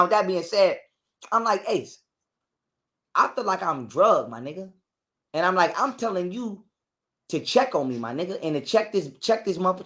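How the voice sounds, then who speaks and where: A man, an interview guest, telling a long story in a casual, profane way and acting out both sides of an argument. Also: a little high. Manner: animated, profane, acts out both sides of a quarrel.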